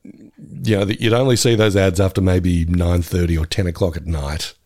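A laid-back man co-hosting a podcast in amused, casual chat. His voice is low and gravelly, with a lively pitch, recorded dry. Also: moderate pace, no room sound. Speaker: podcast co-host.

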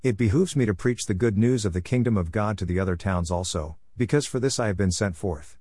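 A calm, authoritative male teacher, read aloud by a man in a low, unhurried voice. He speaks plainly and evenly. The sound is close and dry, like a storybook reading. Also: no echo, natural voice. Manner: plain and measured, in the reader's own voice.

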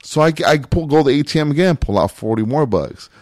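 A man casually telling a rowdy story, animated and slangy, laughing and acting out the other people's lines. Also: a little high, fast talker, dry recording, studio quality. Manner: animated, slangy, laughs often, acts out voices. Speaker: former club DJ.

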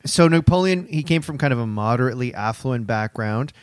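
A man co-hosting a comedy history podcast, telling the story with relaxed "um" pauses. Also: medium pitch, clean tone, no room sound, clean studio sound. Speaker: podcast co-host. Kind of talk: casual comedic podcast chat.

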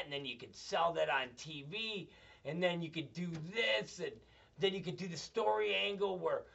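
A man's voice: high-pitched, vocal fry, fairly bright tone. A man hosting a show, telling crude, profane, rambling comedic stories. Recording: dull, slightly distant mic.

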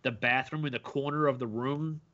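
A man co-hosting a casual podcast chat, opinionated and profane, telling stories with animated asides. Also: mid-range voice, moderate pace, muffled recording. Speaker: podcast co-host.

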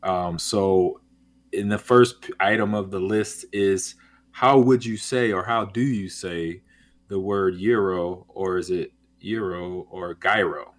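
A man's voice: deep voice, slow pace. A man talking as a guest on a sports radio show, laid-back and rambling with plenty of fillers. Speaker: guest, former football player.

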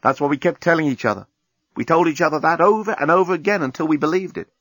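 A man's voice: on the high side, quick pace, a bit bright, no room sound, voice pushed up. Thoughtful, resolute woman in an audiobook, voiced by a male narrator, dry close sound. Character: Lucy, thoughtful American woman, restless.

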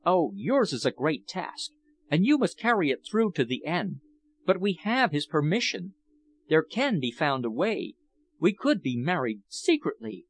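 A man reading a passionate, pleading princess in a higher, imploring voice. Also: sing-song, a little slow. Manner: imploring, raised pitch.

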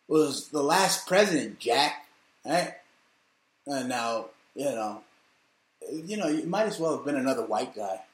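A man hosting a comedic monologue, ranting crudely and aggressively with shouted outbursts. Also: fairly high pitch, reverberant. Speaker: host.

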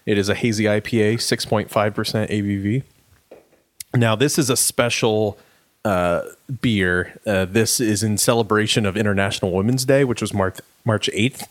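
A man's voice: fairly low pitch, steady tone, moderate pace. Rambling man, easygoing chat. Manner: rambling, many fillers and restarts, laughs easily. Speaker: podcast co-host. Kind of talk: casual chat.

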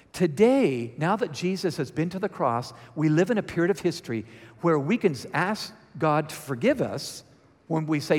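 A man preaching a sermon with a somewhat higher voice that carries a long reverberant tail. He teaches in a conversational way and then pushes into emphatic, raised passages.

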